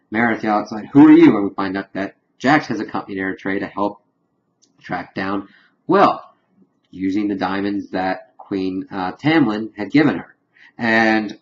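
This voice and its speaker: Low-voiced man recapping a show. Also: highs cut off. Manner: loose retelling with many fillers, quoting characters in a plain voice. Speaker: show reviewer. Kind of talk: casual recap of an episode.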